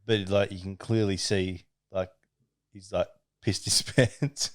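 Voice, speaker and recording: A man's voice: deep voice, level tone, slow, no room sound. A young man co-hosting a podcast, chatting casually with lots of swearing and laughter. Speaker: podcast co-host. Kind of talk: casual banter.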